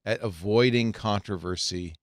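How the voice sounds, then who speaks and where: A man's voice: lowish voice, normal speed, no room sound, clean studio sound. An older man hosting a casual tech podcast, reading headlines aloud and adding joking asides. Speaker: podcast host.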